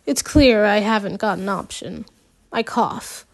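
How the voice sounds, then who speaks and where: A woman's voice: medium pitch, steady tone, unhurried. A woman reading a novel aloud in an unpolished way, with restarts and side remarks. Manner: reads with restarts and asides. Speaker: audiobook reader. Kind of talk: unpolished audiobook narration.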